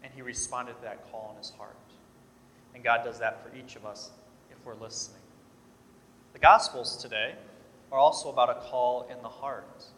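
Priest giving a chatty homily, bright voice, big echoey church with long reverb. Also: male voice, medium pitch, fairly even intonation, normal speed, slight background noise. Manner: storytelling, acts out quoted voices, conversational. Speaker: Catholic priest. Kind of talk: sermon.

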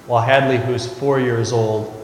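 A priest giving a conversational homily, telling a family story before turning to scripture. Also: male voice, medium pitch, steady tone, measured pace, a little hiss or hum. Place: large church. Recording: echoey church recorded from afar.

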